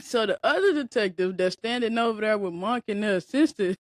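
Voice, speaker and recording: A woman's voice: mid-range voice, expressive, fairly quick, dry recording. Chatty woman podcast host, dry sound. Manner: rambling, conversational, addresses listeners directly. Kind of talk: casual storytelling chat.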